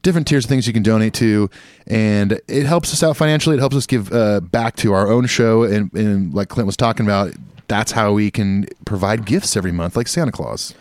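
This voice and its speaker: A man co-hosting a podcast in casual chat, easygoing and agreeable, quick to laugh. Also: on the low side, a little mellow, no echo. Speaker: podcast co-host.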